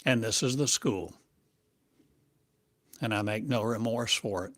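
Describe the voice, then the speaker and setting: A man as a spiritual teacher, delivering a channeled monologue in slow, halting, cryptic phrases. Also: on the low side, fairly bright tone, dry recording. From United States.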